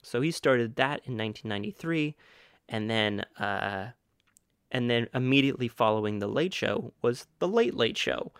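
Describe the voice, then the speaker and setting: A man's voice: mid-range voice, sing-song, normal speed, vocal fry, fairly bright tone, clean tone, dry recording. Dry-voiced young man rambling casually. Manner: rambling, self-correcting, fact-listing. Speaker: podcast co-host. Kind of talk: casual chat.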